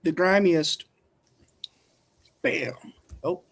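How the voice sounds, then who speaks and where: A man's voice: high-pitched, drawn-out words, gravelly, fairly bright tone. Joking co-host man with a raised voice. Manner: loose, joking, swears casually. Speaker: podcast co-host, runs the soundboard. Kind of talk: casual podcast chat.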